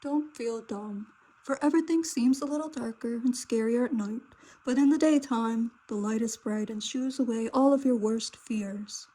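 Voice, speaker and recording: A woman voicing a gentle father rabbit who speaks low, soft and soothing in a storybook reading. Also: steady tone, normal speed, lightly acted, rough recording.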